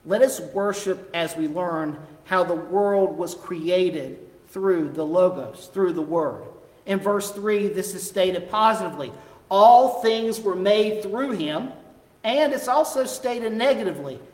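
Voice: mid-range voice, slow. A preacher delivering a sermon, stressing key phrases by repeating them. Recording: echoey hall with long reverb.

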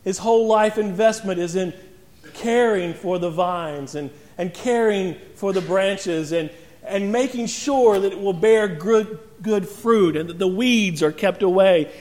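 A man's voice: sits high, unhurried, darkish tone. A male pastor preaching a sermon, telling a parable and acting out its voices. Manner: storytelling, acts out voices in parables. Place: church sanctuary. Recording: church sanctuary with long reverb.

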